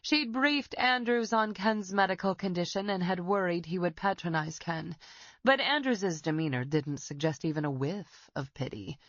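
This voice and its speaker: A woman narrating a suspense audiobook in a steady, even reading. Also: on the low side, normal speed, no echo, lo-fi sound. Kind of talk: scripted narration.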